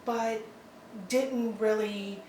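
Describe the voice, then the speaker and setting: A woman's voice: a little high, steady tone, extremely slow, dark tone, far from the mic, a little hiss or hum. Hesitant, rambling woman in an echoey room. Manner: rambling, hesitant, many ums and likes, laughs often. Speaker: adoptive mother, interview guest. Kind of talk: casual interview. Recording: roomy echo, from off-mic, faint ambience.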